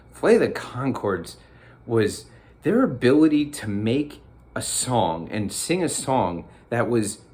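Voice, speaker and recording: A man, maybe in his thirties and from New Jersey, talking casually to camera in a rambling, excitable way, full of restarts and laughs. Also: medium pitch. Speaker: vlogger.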